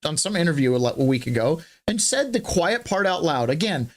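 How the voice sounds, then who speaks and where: A man's voice: fairly high pitch, very animated, brisk. A man hosting a podcast, giving casual political commentary in a wry, rambling way and poking fun at the clips he plays. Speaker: podcast host.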